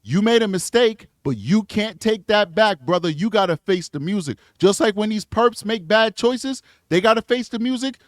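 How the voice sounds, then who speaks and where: A man's voice: high-pitched, lively intonation, normal speed, few pauses, no room sound, studio quality. A man giving blunt, emphatic commentary on a true crime video, talking back to the clips he plays. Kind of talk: casual reaction commentary.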